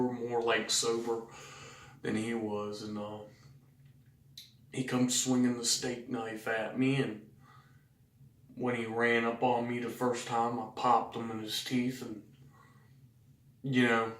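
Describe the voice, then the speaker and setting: A man's voice: medium pitch, flat delivery, slow, long pauses. A man with a Southern US accent telling his own story to the camera, blunt and profane, rambling with fillers. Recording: roomy sound from a distant mic.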